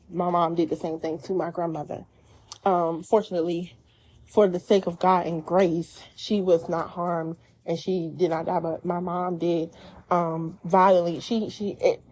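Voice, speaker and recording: Woman, casual storytime vlogger; low, mellow voice, faint background ambience. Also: a little hiss or hum. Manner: animated storyteller, quotes herself and others in dialect-rich speech. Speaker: vlogger telling a personal story.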